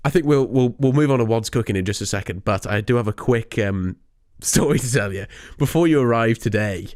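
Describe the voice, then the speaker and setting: A man's voice: medium pitch, brisk, a little mellow, no echo, clean studio sound. A young man co-hosting a podcast, telling stories in a rambling way and laughing often. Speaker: podcast co-host. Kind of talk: casual chat.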